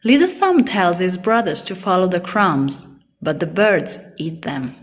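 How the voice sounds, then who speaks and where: A woman reading a children's storybook aloud in a clear, simple way for young learners. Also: fairly low pitch, big pitch swings, measured pace. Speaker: storybook reader.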